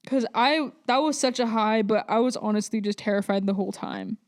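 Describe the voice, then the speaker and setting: A young woman with a slightly high voice hosts a podcast, telling a story in a casual monologue. She's blunt, profane and rambling, full of fillers, and she swings between quick rants and slow, drawn-out asides.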